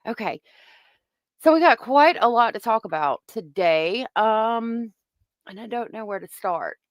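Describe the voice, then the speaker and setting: A woman's voice: mid-range voice, dry recording. A woman hosting a livestream, chatting casually and thanking viewers by name. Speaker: host of a true-crime livestream.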